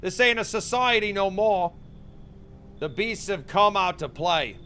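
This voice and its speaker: A man voicing a swaggering, rough British drifter with a put-on British accent and slangy tough-guy talk. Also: sits high, expressive, unhurried, pushed and bright, a little hiss or hum, pitched above the performer's own voice, heavily acted. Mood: cocky.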